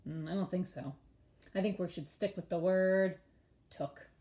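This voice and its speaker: Patient woman teacher spelling words slowly. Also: fairly low pitch, roomy sound. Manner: slow letter-by-letter spelling, patient and expressive. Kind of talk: early-grades reading lesson.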